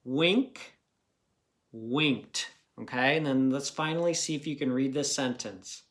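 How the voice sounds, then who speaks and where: A man's voice: mid-range voice, normal speed, a bit bright. A man teaching a recorded early-grade phonics review, patiently talking to young children and checking in with frequent questions.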